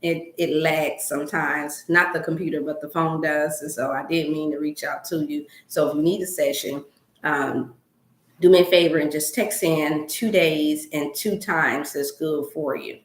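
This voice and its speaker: A woman's voice: low voice, steady tone, normal speed, roomy sound. A middle-aged woman hosting a wellness livestream from her home, chatting in a rambling, folksy way and leading a prayer. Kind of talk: casual livestream chat with prayer. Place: room at home.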